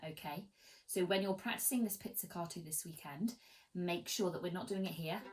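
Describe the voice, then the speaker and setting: A woman's voice: lowish voice, a little fast, over music, poor audio. A woman teaching violin in an online tutorial, encouraging and demonstrative, counting and singing rhythms aloud.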